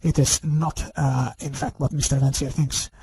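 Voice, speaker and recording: A man giving an unscripted, accusing video monologue, halting and full of fillers and restarts. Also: medium pitch, flat delivery, creaky, darkish tone, a little hiss or hum, low-quality recording. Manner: accusing and indignant. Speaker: online video commentator.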